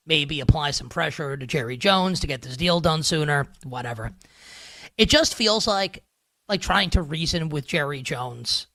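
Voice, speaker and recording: Young male sports-betting host, rambling sarcastic commentary, bright tone, dry booth sound. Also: fairly high pitch, vocal fry, no room sound. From northern United States. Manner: rambling, filler-heavy, sarcastic.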